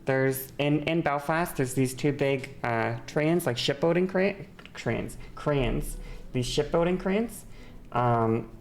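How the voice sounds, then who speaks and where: A woman's voice: low voice, takes it slowly, a little mellow, slight background noise. A young woman from Northern Ireland chatting casually on stream while doing her makeup, rambling with lots of fillers. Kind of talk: casual stream chat during a makeup tutorial.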